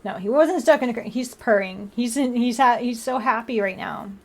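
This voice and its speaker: A woman's voice: fairly high pitch, normal speed. A young woman hosting a casual livestream, chatting and laughing, cooing at her cats between remarks to viewers. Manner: giggly, chatty, baby-talks to her cats. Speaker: livestream host.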